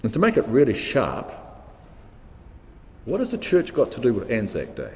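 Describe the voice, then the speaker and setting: A man's voice: medium pitch, wildly swooping pitch, moderate pace, big-room sound. A man, preaching a sermon in a reflective, questioning way, repeating words for emphasis. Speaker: pastor.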